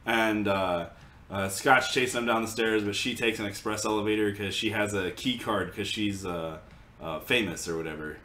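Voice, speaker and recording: A man's voice: lowish voice, steady tone, normal speed, sharp tone, echoey room. A man casually recapping a comic for a podcast, rambling with lots of fillers and frequent laughs. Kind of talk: casual chat.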